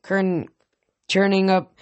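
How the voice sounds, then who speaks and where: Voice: medium pitch, level tone, a little slow, a little mellow, highs cut off. Casual audiobook narrator with restarts. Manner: casual, with stumbles and self-corrections. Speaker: audiobook reader. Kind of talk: first-person storybook narration.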